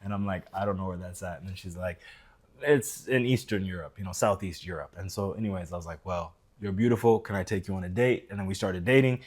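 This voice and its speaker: Low-pitched american guy, acts out the dialogue while telling a story on a podcast. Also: quick pace, darkish tone, slightly rough. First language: English. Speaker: podcast guest. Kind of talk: casual storytelling.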